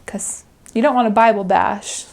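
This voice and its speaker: A young woman talks about her time as a missionary in an interview. Her voice sits at an everyday middle pitch, and her delivery is earnest but casual. She laughs often as she speaks. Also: fairly even intonation, normal speed, vocal fry, darkish tone. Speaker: returned missionary. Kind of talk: interview reflection.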